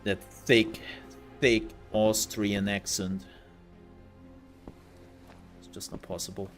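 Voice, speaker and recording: A man with a lowish voice talks slowly through a game session, musing aloud and trailing off into little fillers. Soft game music sits faintly behind him. His delivery is loose, casual let's-play commentary. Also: flat delivery. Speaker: gaming content creator.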